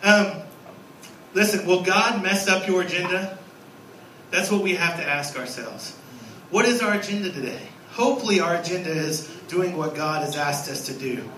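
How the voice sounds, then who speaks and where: A man in his thirties preaching a sermon as a guest pastor, lively and storytelling, acting out little scenes. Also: sits high, moderate pace, roomy sound, far from the mic, a little hiss or hum, rough recording. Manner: animated, acts out scenes with a raised voice. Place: church sanctuary.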